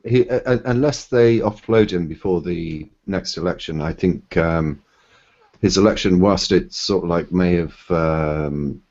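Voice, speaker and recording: Very deep hesitant man. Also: a little slow, a little mellow. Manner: hesitant, filler-heavy, polite. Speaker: debate participant. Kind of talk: casual political discussion. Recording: dull lo-fi audio.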